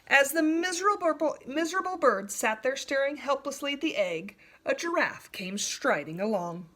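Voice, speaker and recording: A woman reads a children's story aloud with a bright, higher voice. Her pitch rises and falls in lively swoops as she narrates. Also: normal speed. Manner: expressive, animated read-aloud.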